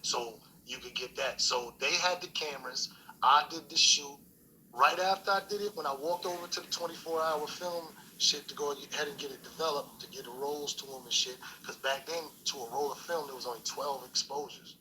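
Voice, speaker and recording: Middle-aged guy with a really bright tense voice, kinda high, cussing casually thru his story, faint hum behind. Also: a little fast, poor audio. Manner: profane, laid-back street talk with many fillers. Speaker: guest storyteller.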